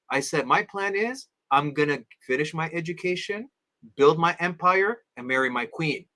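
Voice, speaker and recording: A man in his thirties, an interview guest, telling personal stories in an animated way and acting out his friends' voices. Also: normal speed. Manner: animated, acts out friends' voices with big pitch jumps; addresses host as "my beloved father". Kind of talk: storytelling in casual interview.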